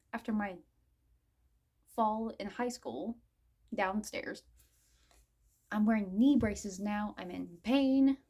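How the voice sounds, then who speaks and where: This is a young woman in her mid-twenties recounting a story for her vlog. She sounds giddy and fan-struck, breaking into laughter often as she rambles through her asides. Her delivery is casual and chatty throughout. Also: medium pitch. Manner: excitable and giggly, laughs often while recounting; fangirling, rambling with many "I'm like" asides. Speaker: vlogger.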